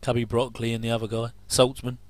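A man's voice: medium pitch, completely flat delivery, fast talker, dry recording. A middle-aged man giving a chatty, jokey commentary over a TV episode. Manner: chatty, jokey asides with chuckles. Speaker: commentary host. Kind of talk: casual watch-along commentary.

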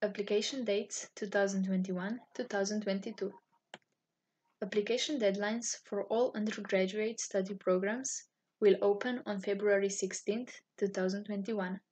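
Woman, English, husky breathy tone, formal scripted narration. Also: medium pitch, normal speed. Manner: formal, even-toned reading. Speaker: university student office staff.

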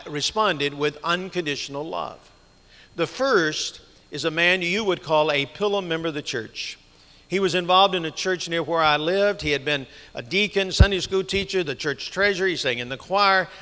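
Man, sermon, earnest storytelling, fairly high voice, reverberant church sanctuary. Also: pushed and bright. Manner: earnest storytelling with rhetorical questions. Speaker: guest preacher.

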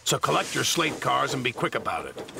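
A man voicing a gruff, impatient, bossy male steam engine who blusters and boasts. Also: medium pitch, big pitch swings, brisk, distant mic, heavy background noise, voice pushed up.

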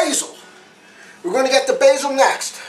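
A man's voice: very high-pitched, moderate pace, faint music behind. Chatty man cooking on camera. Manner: chatty, repeats phrases, street slang. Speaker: home cooking show host. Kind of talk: casual cooking demonstration.

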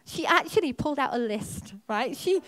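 A woman preaches to her church with a fairly high voice. She tells her story with animation, her pitch leaping as she relives the moments. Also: normal speed. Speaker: pastor. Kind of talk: sermon. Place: church auditorium.

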